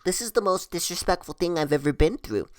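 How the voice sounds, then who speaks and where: A man's voice: sits high, animated, a little fast, no echo, clean studio sound, voice pushed up. A man mimicking an angry drunk woman driver. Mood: outraged.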